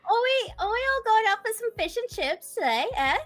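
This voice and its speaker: A woman's voice: very high-pitched, expressive, a little fast, a bit bright, no room sound, soft background music, voice pushed up. A woman doing a playful, giggly put-on English accent as a caricature. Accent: mock English put-on. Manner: giggly, exaggerated. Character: cheery mock-English woman, jokey caricature.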